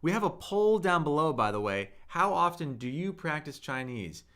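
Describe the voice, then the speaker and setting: A man's voice: on the high side, sing-song, fairly bright tone. A man teaching a live-streamed Mandarin lesson, patiently drawing out tone drills and answering chat questions. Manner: slow, patient, drawn-out tone demonstrations.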